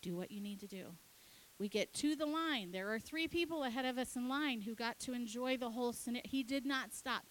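A woman pastor preaching, telling a story with lively acted-out dialogue. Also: fairly high pitch, a little hiss or hum, poor audio. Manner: animated, acts out her kids and herself in quick dialogue. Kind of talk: sermon storytelling.

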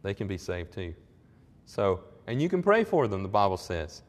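A man's voice: fairly low pitch, very animated, moderate pace, long reverb tail. A man preaching a sermon in an earnest, conversational way, rising into emphatic swells on key points. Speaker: pastor.

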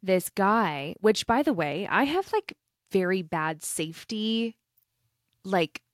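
A woman's voice: medium pitch, very animated, no echo, studio quality. Chatty young woman podcaster, rambling. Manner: rambling, self-interrupting storyteller with quick laughs. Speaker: podcast co-host. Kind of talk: casual chat.

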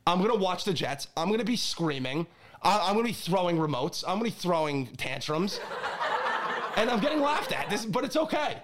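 A man co-hosting a casual sports chat who gets worked up and shouts mid-rant. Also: sits high, big pitch swings, normal speed, very noisy. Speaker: podcast co-host.

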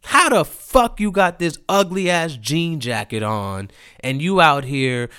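With a fairly high, clear, resonant voice, a man unhurriedly rambles through a profane story in casual monologue. He is animated and acts out his friends' lines, mimicking them in quotes.

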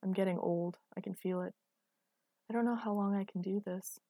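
A woman narrator voicing a worn-out, aging man who speaks gently and softly. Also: mid-range voice, steady tone, moderate pace, dry recording, lightly acted. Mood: weary.

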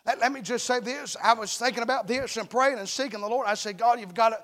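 A man's voice: extremely high pitch, fast, a bit bright. A man preaching a fervent revival sermon to his congregation, plain-spoken and calling for amens. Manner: fervent, repeatedly calls for amens; plain-spoken, calls himself uneducated.

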